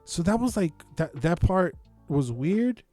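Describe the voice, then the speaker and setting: Man, podcast co-host, casual chat, profane, emphatic, slightly high voice, mellow tone. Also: big pitch swings, measured pace, soft background music.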